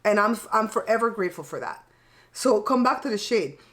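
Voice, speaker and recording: A woman's voice: mid-range voice, expressive, a little fast, a bit bright. A middle-aged woman hosting her own channel, chatting casually while she eats. She talks bluntly and frankly, swears lightly and laughs often. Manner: blunt and frank, plain-spoken with mild cursing. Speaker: channel host. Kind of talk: casual chat while eating.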